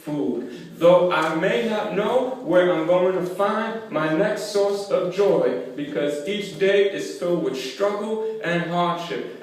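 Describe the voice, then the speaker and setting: A male pastor preaching in an echoey hall. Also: high voice. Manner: builds to loud emphatic peaks, then drops to quiet trailing endings; slow deliberate phrasing on key lines, quick asides when storytelling. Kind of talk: sermon. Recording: echoey church hall, mic at a distance.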